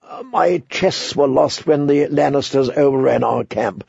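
A man voicing a frightened, pompous older high-born lord who pleads in a shrill voice. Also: unhurried, creaky, a little mellow, husky, dry recording, dull audio, exaggerated voice. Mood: fussy, self-pitying. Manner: shrill pleading, then fussy self-pity.

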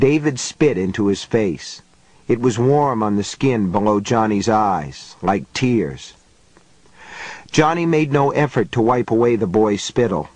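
A man reading an audiobook as the narrator, with measured, unhurried storytelling. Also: on the low side, expressive, darkish tone, no echo, poor audio. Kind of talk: scripted narration.

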